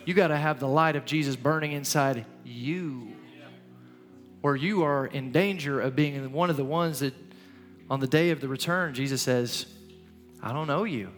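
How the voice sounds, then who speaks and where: A man's voice: mid-range voice, normal speed. A man preaching as a pastor in a church, earnest and urging, often repeating his phrases. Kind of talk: sermon. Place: church sanctuary. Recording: long hall reverb, soft music.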